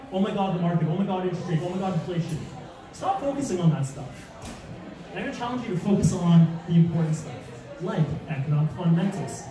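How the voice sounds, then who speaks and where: A man giving an animated real estate seminar with slides, asking the audience rhetorical questions and acting out mock panic. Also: sits high. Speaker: real estate investing speaker. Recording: echoey room, distant mic, audience.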